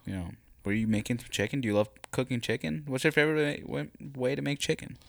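A man's voice: medium pitch, quick pace, creaky, dry recording, clean studio sound. A man interviewing a guest in a comedy bit, hesitant and fumbling, with fussy exclamations.

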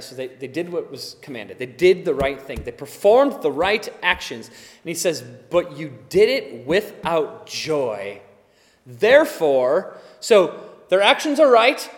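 A male pastor preaching a sermon in an animated, conversational way, shifting between loud emphasis and quiet asides. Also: sits high. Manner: conversational, with occasional laughs and fillers. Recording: long hall reverb.

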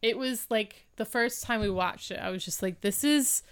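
A woman's voice: mid-range voice, moderate pace, a bit bright. A woman co-hosting a podcast in casual chat, recapping a TV episode and filling her talk with "like". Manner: chatty, heavy use of "like". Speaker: podcast co-host.

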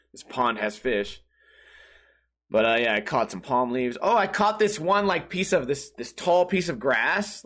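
Bright-voiced, profane ranting man. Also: medium pitch. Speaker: podcast host. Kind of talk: comedic podcast monologue.

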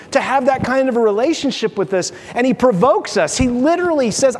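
Male pastor preaching, highish voice, lively and jokey, long reverb in a church hall. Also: a little fast, hardly any pauses. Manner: animated, acts out dialogues, playful asides. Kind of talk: sermon.

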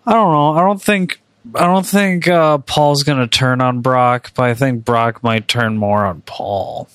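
A man's voice: medium pitch, measured pace, fairly bright tone, clean tone, dry recording. A man giving hesitant replies in a casual chat as a co-host.

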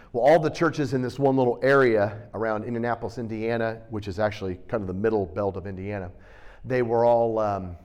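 A middle-aged man preaching a sermon, teaching with animated, emphatic bursts and storytelling. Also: mid-range voice.

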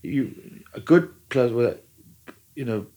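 A man's voice: medium pitch, animated, slow, mellow. A man talking in casual chat, rambling with many restarts and fillers. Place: lives in a German-speaking country.

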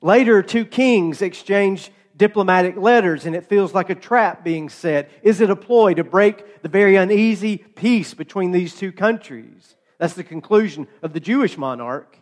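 A man's voice: high-pitched, normal speed, few pauses. A man preaching a sermon, telling stories in a conversational way with playful asides. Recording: long hall reverb.

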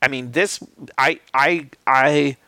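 A man's voice: mid-range voice, steady tone, slow, sharp tone, clear, resonant tone, dry recording. A man in casual talk about films, rambling with many fillers and restarts, swearing now and then. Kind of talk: casual film discussion.

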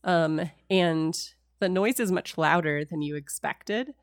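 A woman with a slightly low voice runs a tabletop game, describing rooms and what happens in an unhurried, hesitant way. She fills her pauses with little ums. The sound is dry and close. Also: no room sound. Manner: relaxed, hesitant with many fillers. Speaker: game master.

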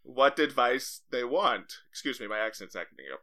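A man's voice: medium pitch, animated, moderate pace, sharp tone. An actor playing a pompous male professor who claims to be an expert on experts, talking in a put-on accent in improv comedy. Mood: haughty. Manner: snippy, defensive, blames his accent.

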